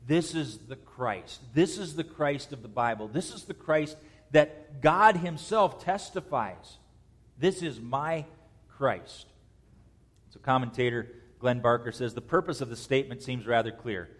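A man preaching an expository sermon, swinging between soft, slow stretches and loud, rising bursts. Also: mid-range voice. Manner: preaches with dynamic swings in loudness and pace. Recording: long hall reverb.

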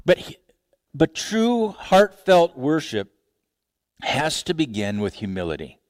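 A man preaching a sermon, expressive, with wide swings between low, quiet passages and raised, emphatic ones, often restarting his phrases. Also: slow pace, no room sound, clean studio sound. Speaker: pastor.

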